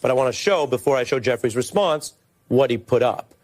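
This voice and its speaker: A man hosting a television news segment, speaking in a measured, disapproving way. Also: mid-range voice, lively intonation, darkish tone. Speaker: TV news host.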